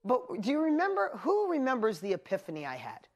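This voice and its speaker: Animated New York woman, motivational speaker. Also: on the high side, brisk, dull audio. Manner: animated storytelling with acted-out inner voices. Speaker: online business coach. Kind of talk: motivational seminar talk.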